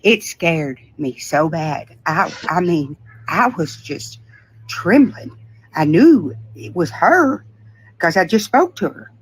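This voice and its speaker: A woman's voice: on the low side, animated, takes it slowly, slightly rough, poor audio. Older woman, shaken, earnest, plain casual delivery. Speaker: scam victim telling her story. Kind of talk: casual recorded video.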